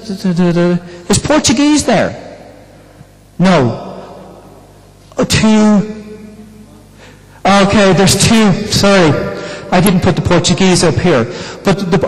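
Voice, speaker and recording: A man preaching a sermon in a conversational way, often asking the congregation questions. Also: high-pitched. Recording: long reverb in a church hall.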